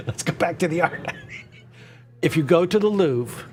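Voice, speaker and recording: Excitable rambling man hosting an auction. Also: high voice, slow, pauses often. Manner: rambling, excitable, goes off on tangents. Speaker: auction host. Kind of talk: live-stream auction patter.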